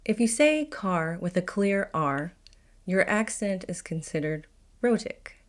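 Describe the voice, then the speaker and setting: A woman's voice: mid-range voice, big pitch swings, a little slow. A woman from Appalachia with an Appalachian accent, narrating a scripted educational video in a wry, confident storytelling manner. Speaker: video host.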